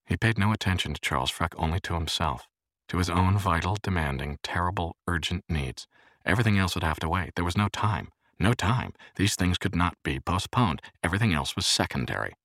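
A man narrating an audiobook in a very deep voice with lively, rolling intonation. His reading is measured and expressive, recorded dry and close to the mic. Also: dry recording.

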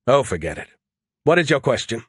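A man's voice: medium pitch, big pitch swings, fairly quick, slightly rough, dry recording, clean studio sound. A man voicing a smug, mocking alien AI. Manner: condescending, mocking. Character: arrogant snarky male alien AI.

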